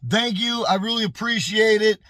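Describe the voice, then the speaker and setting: A man telling a casual storytime monologue to his channel, animated and exclaiming, often repeating phrases. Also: sits high, moderate pace, no echo. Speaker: YouTube storyteller.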